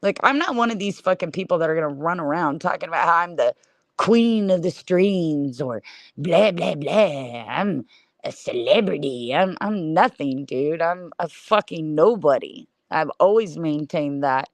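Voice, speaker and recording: A woman's voice: low-pitched, lively intonation, a little slow, dry recording. A middle-aged woman streaming a blunt, scornful rant, swearing in nearly every sentence. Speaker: livestreamer. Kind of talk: profane livestream rant.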